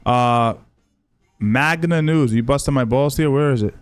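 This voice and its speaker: A male streamer chats loosely on a livestream, answering his chat aloud with swearing and teasing banter. His voice sits at a middle pitch, dry and close with no room sound, and faint music under it. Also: unhurried, smooth, no echo. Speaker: streamer reacting to clips.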